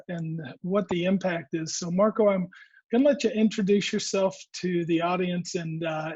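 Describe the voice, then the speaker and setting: A man's voice: sits high, a little mellow, dry recording. A man hosting an interview, introducing his guest and asking questions with many hesitant fillers. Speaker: interview host. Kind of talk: remote interview. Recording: dull, dry, lo-fi sound.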